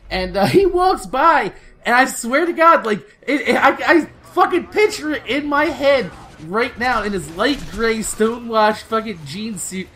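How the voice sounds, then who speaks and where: Profane, rambling high-voiced young man. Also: fairly bright tone. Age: late 20s. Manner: rambling, heavily profane, laid-back street slang. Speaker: gaming channel host. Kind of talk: storytelling over gameplay.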